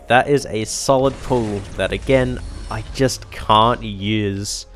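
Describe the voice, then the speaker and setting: A man giving calm, matter-of-fact commentary as he plays a mobile game and opens rewards. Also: fairly low pitch. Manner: measured, matter-of-fact narration of crystal openings. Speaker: gaming YouTuber. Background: background music.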